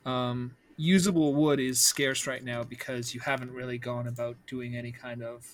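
A man narrating as game master in a calm, questioning way, with frequent fillers. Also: mid-range voice, normal speed, a little hiss or hum.

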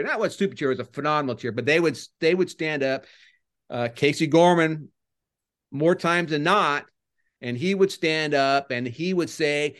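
An older man, a former baseball coach, chatting as a podcast guest and telling rambling stories that get animated when he retells crowd chants. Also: a little high, fairly quick. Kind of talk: casual podcast interview, storytelling.

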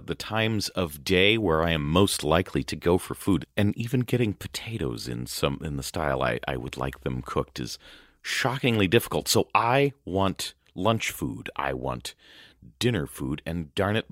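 A man's voice: very deep voice, lively intonation, normal speed, no echo. A man co-hosting a food podcast, speaking in a dry, wordy, mock-formal way. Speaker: podcast co-host. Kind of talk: casual chat.

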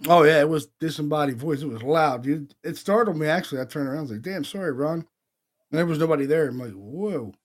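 A man co-hosting a podcast, telling stories in casual chat, animated, with slang and swearing. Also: a little high, quick pace. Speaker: podcast co-host.

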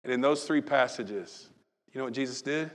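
A pastor preaching a sermon, moving from loud acted-out calls to soft, hushed talk. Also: male voice, mid-range voice, moderate pace, big-room sound.

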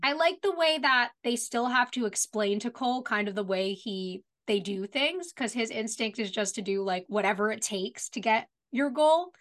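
A woman's voice: a little high, expressive, moderate pace, hardly any pauses, a bit bright. Woman on a podcast talking about a show, easygoing, lots of likes and you knows. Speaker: podcast co-host. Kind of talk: casual chat about a TV episode.

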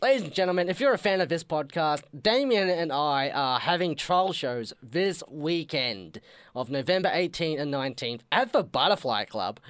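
A man's voice: on the high side, fairly bright tone, clear, resonant tone, dry recording. Playful male podcast host. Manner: playful, promotional. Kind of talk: comedic podcast banter.

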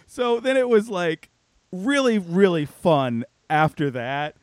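A man co-hosting a casual chat, telling a story in an animated, filler-heavy way and quoting himself and others. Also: high voice, moderate pace, dry recording.

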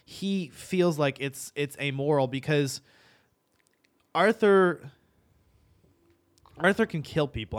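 A man hosts a laid-back gaming podcast and talks through his thoughts as they come. He trails off, restarts sentences and breaks into laughs along the way. His voice sits at an ordinary middle pitch. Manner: rambling, many fillers and restarts, laughs often. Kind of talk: casual gaming podcast chat.

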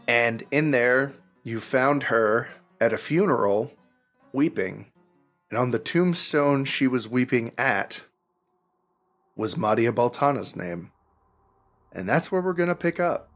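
A man running a tabletop role-playing game as game master, narrating in a halting, unhurried way. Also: medium pitch, lively intonation, a bit bright. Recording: faint music behind.

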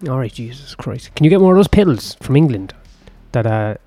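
A man voicing a stoic gruff pig farmer. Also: medium pitch, expressive, normal speed, dark tone, no echo, faint music behind. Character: stoic middle-aged Irish pig farmer husband.

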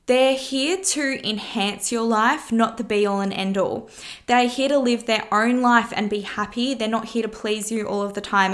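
A woman's voice: mid-range voice, bright, forceful tone. A woman hosting her podcast, giving frank relationship advice in a casual monologue, swearing freely and asking rhetorical questions. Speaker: podcast host.

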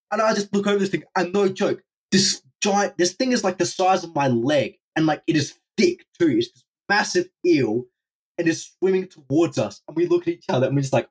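A husky-voiced young man spins a rambling adventure tale on a podcast. He talks in an animated, casual way, swears freely and often breaks into laughter. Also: high voice, brisk. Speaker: podcast guest, urban explorer. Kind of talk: casual storytelling.

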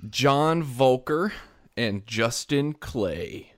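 A man co-hosting a podcast in loose, animated chat, laughing often and mimicking voices. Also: mid-range voice, extremely slow, no room sound, clean studio sound. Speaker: podcast co-host. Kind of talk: casual chat.

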